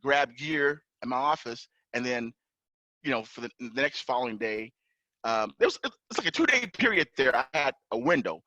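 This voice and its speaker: Guy telling a story on a podcast, lively up and down voice, kinda dull dry audio. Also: medium pitch, normal speed, no room sound. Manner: animated, acts out officers' lines in raised voice. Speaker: podcast guest, pilot and entrepreneur. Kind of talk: casual storytelling.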